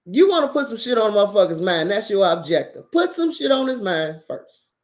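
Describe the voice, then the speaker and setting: A woman speaks casually to her viewers as the host of her own show. She gives dating advice in a blunt, animated way, swears freely and often breaks into laughter. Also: medium pitch, brisk.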